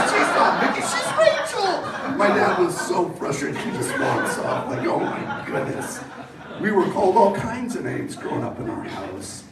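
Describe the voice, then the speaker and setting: High-voiced male pastor in an echoey hall. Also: far from the mic, a little hiss or hum. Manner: storytelling with animated quoted voices. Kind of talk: sermon. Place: church hall.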